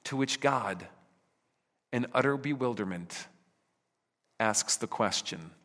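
A man preaches at an unhurried pace, pausing over his words. He throws rhetorical questions at his listeners and acts out God's replies, sometimes dropping almost to a whisper. His voice carries a long echo, as in a large hall. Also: mid-range voice, lively intonation. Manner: rhetorical questions, dramatic voicing of God, drops to hushed near-whispers. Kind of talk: sermon. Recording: reverberant hall.

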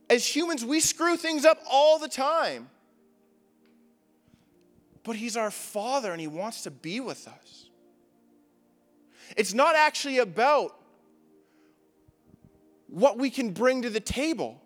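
A man's voice: extremely high pitch, animated, a little slow, long pauses, a bit bright, in a large hall, faint music behind. A young man preaching a sermon, casual and joking, with lots of filler words. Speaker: pastor. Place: church hall.

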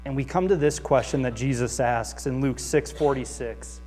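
A man preaching a sermon as pastor, earnest and lively, reading scripture aloud and acting out the voices he quotes. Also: mid-range voice, normal speed, a little hiss or hum. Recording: long reverb of a large hall.

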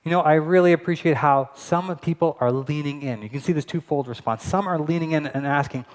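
Man preaching, lively and chatty. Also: on the high side, fairly quick, few pauses. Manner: lively, conversational preaching with asides. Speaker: pastor. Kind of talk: sermon.

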